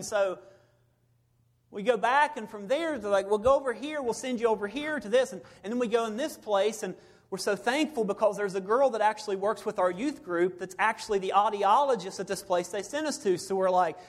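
A middle-aged man, a preacher, telling a personal story in a sermon, swinging between loud bursts and hushed moments. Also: sits high, expressive, normal speed.

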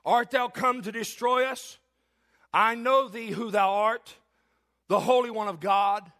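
A man's voice: high-pitched, fairly even intonation, unhurried, bright, forceful tone, voice pushed up, full character voice. A man voicing a tormented demon that cries out from a possessed man in old-fashioned, pleading speech. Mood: defiant. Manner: archaic, pleading and defiant.

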